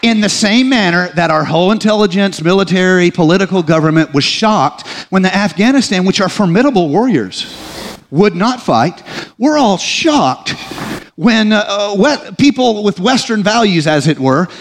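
A man's voice: sits high, animated, moderate pace. A man giving a humorous live talk to an audience, conversational, with joking asides and frequent restarts. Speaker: speaker addressing an audience.

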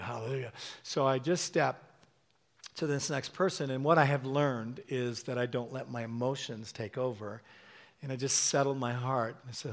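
A middle-aged man preaching a sermon, telling a story with animated quoted voices. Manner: animated storytelling, acting out quotes with sudden high-pitched bursts.

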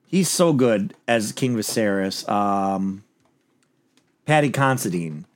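A man's voice: lowish voice, expressive, slow pace. A man chatting casually as a podcast host, rambling through a TV episode recap with lots of restarts and the odd swear word.

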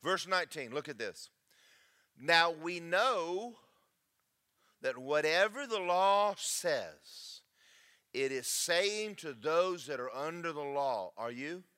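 A man preaching a sermon, emphatic and preachy, swinging between loud and soft. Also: a little high, expressive, takes it slowly, clean tone. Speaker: pastor.

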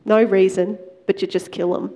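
Older homeless male veteran, voiced by a woman, plain and halting, warm low-key delivery. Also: little pitch movement, vocal fry. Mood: grave.

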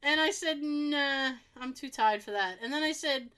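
A woman's voice: high-pitched, moderate pace, few pauses, pushed and bright. A woman co-hosting a podcast, telling a story in casual chat with frequent laughs and fillers. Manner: chatty storyteller, laughs often, many fillers. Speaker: podcast co-host.

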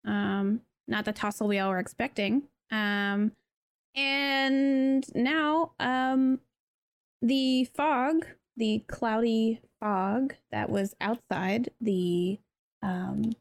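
A woman's voice: mid-range voice, darkish tone. Lady dm describing the scene, lots of ums and restarts, natural chat. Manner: chatty, many fillers and restarts. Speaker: game master. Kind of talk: narrating a tabletop game.

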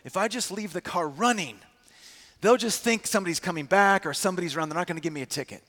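A man preaching a sermon, telling a campus story with lively acted-out quotes before turning to scripture. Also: high voice, quick pace. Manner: animated storyteller acting out quotes. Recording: long hall reverb.

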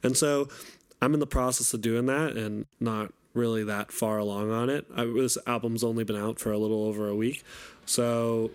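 A man's voice: mid-range voice, steady tone, brisk, smooth. A man co-hosting a casual album review chat, talking earnestly and thinking aloud as he goes. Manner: earnest, thinks aloud with many "like" and "I mean" fillers. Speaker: podcast co-host and youth group teacher.

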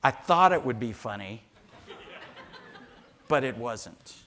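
A man in his sixties telling a funny story in a sermon, animated and jokey, acting out voices. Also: medium pitch, slow pace, slight background noise. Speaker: pastor.

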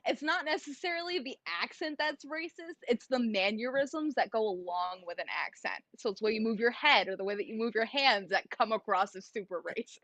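A woman's voice: on the high side, expressive, a little fast, hardly any pauses, fairly bright tone. A bubbly, giggly woman chatting casually with friends. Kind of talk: casual group chat.

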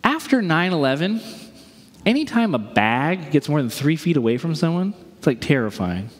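With a husky, fairly high voice at a moderate pace, this middle-aged pastor preaches and tells a story, animatedly performing each person's voice. The recording carries the long reverb of a large church auditorium.

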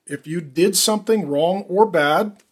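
A man's voice: high-pitched, a little slow. A middle-aged man preaching a sermon, emphatic, punching key words as he drives each point home. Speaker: pastor.

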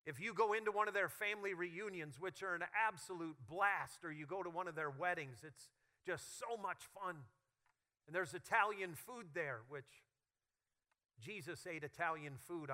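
Animated, bright-voiced male pastor. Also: sits high. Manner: humorous, animated storytelling. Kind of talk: sermon.

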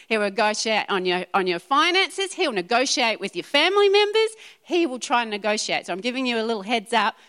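A woman preaching to a congregation in a church hall, her somewhat high voice carrying a long reverb around her. She drives her points home with emphatic repetition and asks the room for agreement. Her delivery is animated and direct. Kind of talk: sermon.

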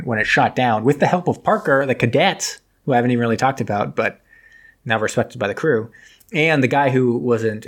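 A man at an ordinary pitch talks through the plot of an old film in a loose, conversational way. He keeps dropping into quick impressions of the characters' lines before carrying on with the story. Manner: retells scenes, acting out characters' lines in quick asides. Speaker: podcast co-host recapping a film. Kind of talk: casual chat.

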